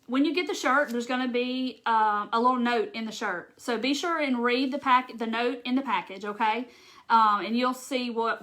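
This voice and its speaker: A middle-aged woman with a Southern US accent, hosting a casual craft livestream and chatting with viewers. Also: a little high. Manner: chatty, warm-hearted, says y'all, tearful at times. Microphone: phone or webcam livestream.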